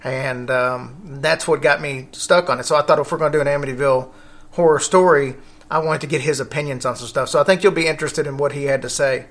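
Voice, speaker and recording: A man's voice: fairly high pitch, steady tone, quick pace, fairly bright tone. A man hosting a casual podcast, rambling along with fillers and self-corrections. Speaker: podcast host.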